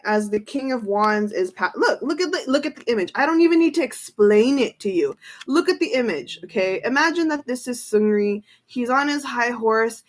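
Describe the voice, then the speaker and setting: A woman tarot reader in a casual livestream, excitable, exclaiming and repeating herself as she reads cards. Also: a little high.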